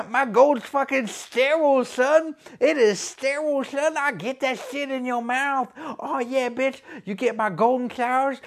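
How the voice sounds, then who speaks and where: A man's voice: very high-pitched, voice pushed up. A man voicing a crude, boastful male wrestler who poses as a gangster, talking with swaggering slang in a comedy sketch.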